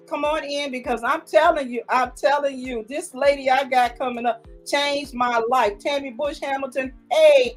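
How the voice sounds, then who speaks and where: An older woman hosts her own live talk show in a loose, casual chat. She talks effusively and a little on the high side, greeting viewers one after another and doubling up her words. Soft music runs faintly underneath.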